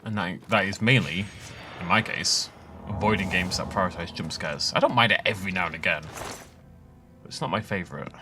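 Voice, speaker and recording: A man's voice: low-pitched, a little fast, music in the background. A man casually commentating on his gameplay, chatty and rambling, laughing often. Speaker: let's play host.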